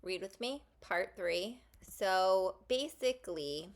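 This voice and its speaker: A woman's voice: lowish voice, animated, slow. A woman hosting a casual tarot vlog, talking in a rambling, chatty way with asides about herself. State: just ate lunch, burpy. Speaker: tarot channel host.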